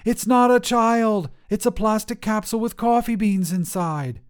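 Male reader doing a frantic young woman caller, exasperated and pleading, high and animated. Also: close to an everyday voice. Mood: furious. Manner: exasperated, pleading, quick to anger. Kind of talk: audio drama reading.

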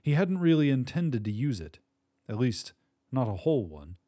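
A man narrates a story in a steady, measured read. His voice is dark and mellow, at an ordinary middle pitch. The recording is dry and close, with no room sound. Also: no echo.

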